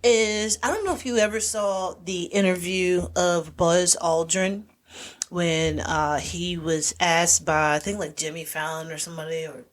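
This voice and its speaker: A woman's voice: fairly low pitch, unhurried. A woman co-hosting a podcast, chatting casually as she retells a movie's plot and acts out the characters' lines. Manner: animated storyteller, acts out quoted lines. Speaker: podcast co-host. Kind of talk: casual chat recapping a movie.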